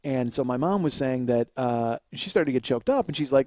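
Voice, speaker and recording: A man's voice: mid-range voice, big pitch swings, fairly quick, warm tone, dry recording. A man in his forties hosting a comedy podcast, telling self-deprecating stories in a rambling way full of fillers. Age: 40s. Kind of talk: casual comedic storytelling monologue.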